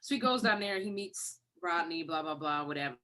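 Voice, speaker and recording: Animated woman from Detroit telling a story. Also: lowish voice, brisk. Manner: animated, acts out quoted voices. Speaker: guest songwriter. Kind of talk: casual storytelling. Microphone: video call.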